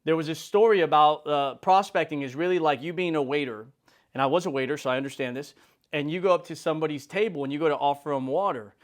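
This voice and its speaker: A man's voice: a little high, quick pace. Slangy, upbeat motivational man. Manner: casual, slangy, acts out quoted dialogue. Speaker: insurance business leader and video host. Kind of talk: motivational talk to camera.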